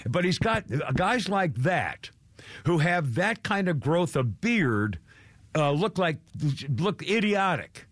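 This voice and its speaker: A man's voice: on the high side, dry recording. Rambling older male radio host. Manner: rambling, self-deprecating, exasperated asides. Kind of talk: casual radio chat.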